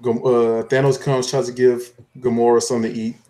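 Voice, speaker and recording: Here a male podcast co-host, brisk and dark-toned, speaks in a mid-range voice with little pitch movement. He loosely walks through what happened one step at a time, rambling and starting over as he goes.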